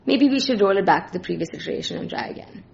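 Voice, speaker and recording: A woman's voice: medium pitch, animated, rapid-fire, creaky, a little mellow, lo-fi sound, a little hiss or hum. A woman voicing a sceptical female coworker who talks in a dismissive, teasing way.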